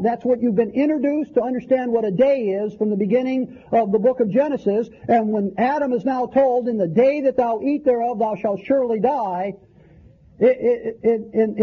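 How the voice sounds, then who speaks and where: High husky-voiced male preacher. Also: highs cut off. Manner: conversational Bible teaching with frequent restarts. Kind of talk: sermon.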